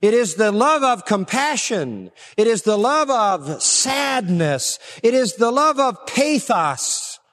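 Male preacher, high-pitched, emphatic sermon delivery, long hall reverb. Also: big pitch swings, a bit bright. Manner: emphatic, swings between raised stresses and low, slow drops.

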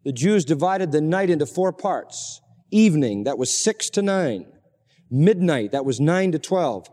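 A man preaching a sermon as pastor, emphatic, swinging between loud outbursts and hushed asides. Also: on the high side, expressive, a little slow. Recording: long hall reverb.

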